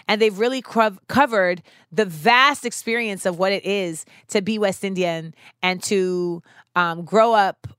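A woman's voice: lowish voice, a bit bright, clean tone, no room sound, studio quality. A young woman hosting a podcast, talking in an earnest, thoughtful monologue and often saying "you know" and "like.". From United States. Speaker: podcast host.

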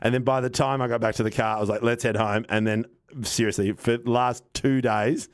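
A man, telling a casual, animated anecdote on a podcast, acting out what people said and swearing now and then. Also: medium pitch, brisk. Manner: animated, rambling anecdote with acted-out quotes and swearing. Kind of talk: casual storytelling chat.

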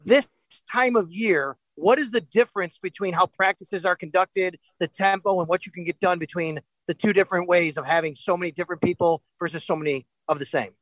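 A male sports reporter with a somewhat high voice, recorded dry and close. He strings together long, rambling questions to a player. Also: fairly quick, a bit bright, dry recording, poor audio. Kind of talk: press conference questions.

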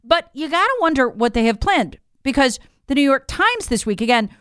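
Emphatic woman with a lively voice. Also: sits high, a little fast, no room sound, clean studio sound. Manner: emphatic, incredulous, addresses viewers directly. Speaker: political commentator. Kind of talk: opinion monologue.

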